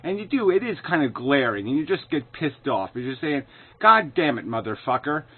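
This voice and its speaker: A man rants through a furious, sarcastic commentary, swearing constantly and flaring into shouts. His voice sits fairly high for a man. The sound is thin and tinny, like a phone line. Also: very animated, fairly quick, breathy edge. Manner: profane, sarcastic, shouting in bursts. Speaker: video commentator. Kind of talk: angry ranting commentary.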